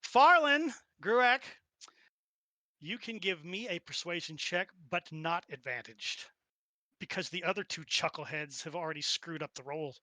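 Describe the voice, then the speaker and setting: A playful game master man narrates and teases his players with a bright, forceful voice. The sound is dry and close, pitched a bit high. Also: normal speed, no echo. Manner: playful, laughing. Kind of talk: running a tabletop game.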